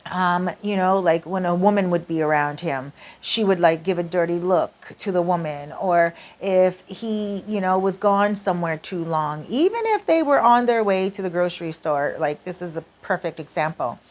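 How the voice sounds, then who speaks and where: A woman's voice: lowish voice, lively intonation, normal speed, hardly any pauses. A woman narrating a relationship story in a casual storytime style, chatty and full of fillers. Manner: chatty, lots of "like" and "you know".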